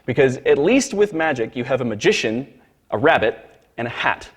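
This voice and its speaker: Casting note: male Sunday school teacher, mid-pitched, emphatic delivery, stumbles and restarts, talks straight to the class. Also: sing-song, moderate pace, slightly rough. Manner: emphatic, repeats words and restarts, addresses the class directly. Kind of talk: church Sunday school lecture. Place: church classroom.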